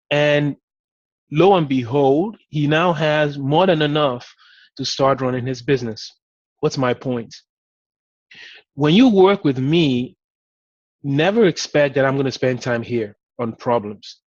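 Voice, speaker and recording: A man's voice: fairly high pitch, unhurried, no echo, dull audio. A man giving a motivational talk as a business coach, speaking conversationally and encouragingly with frequent "you know" fillers.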